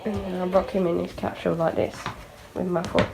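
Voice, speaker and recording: A woman's voice: fairly low pitch, flat delivery, a little fast, vocal fry, over music. A woman vlogger giving casual running commentary at home, chatting to her baby dolls and laughing often. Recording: noisy home video recording.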